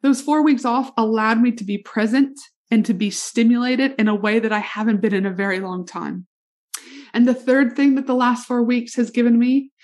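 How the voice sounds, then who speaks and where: An enthusiastic middle-aged woman hosting a solo podcast, speaking straight to the listener with upbeat energy. Her voice sits a little high. She talks like a business coach sharing her story. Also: a little mellow. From Canada.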